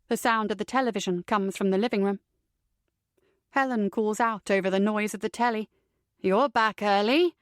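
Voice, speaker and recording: Steady woman narrating a thriller. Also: a little high, no room sound, clean studio sound. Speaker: audiobook narrator. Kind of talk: scripted first-person thriller narration.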